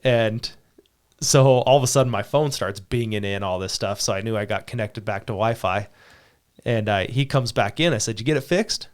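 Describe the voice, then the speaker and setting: A man in a casual podcast chat, telling a story with lively acted-out quotes and frequent laughter. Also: lowish voice, normal speed, clean tone. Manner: animated storyteller, acts out quoted dialogue, laughs often. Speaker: podcast co-host.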